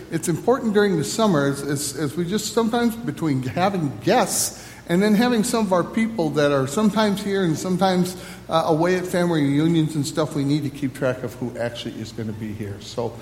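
High-voiced, lively pastor in an echoey church. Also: male voice, a little hiss or hum. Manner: loose announcements with fillers, then formal liturgical reading. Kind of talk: church announcements and liturgy. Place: church sanctuary. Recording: echoey sanctuary with long reverb.

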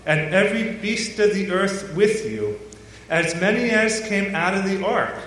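A man with a high, lively voice reads a scripture lesson with formal deliberateness. He stands well back from the microphone, and the church around him rings with heavy echo. A long reverb trails each phrase. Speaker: scripture reader. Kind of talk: liturgical scripture reading. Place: church sanctuary. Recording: distant voice in a very echoey church.

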